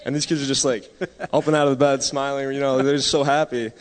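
A man's voice: medium pitch, flat delivery, fast talker. A man giving a hesitant church testimony about a mission trip, with frequent "uh"s. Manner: hesitant, many "uh"s, laughs lightly. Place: church sanctuary. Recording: long reverb of a hall.

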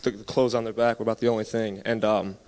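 A man's voice: fairly low pitch, little pitch movement, fast talker, darkish tone. A man giving a hesitant church testimony about a mission trip, with frequent "uh"s. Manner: hesitant, many "uh"s, laughs lightly. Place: church sanctuary. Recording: long reverb of a hall.

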